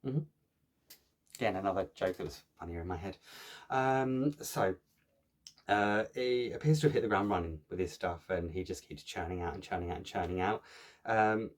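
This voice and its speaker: A man's voice: on the low side, moderate pace. A man chatting casually to camera as a cross-stitch vlogger, joking at his own expense and filling gaps with lots of ums and restarts. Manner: chatty, jokey, self-mocking, many fillers.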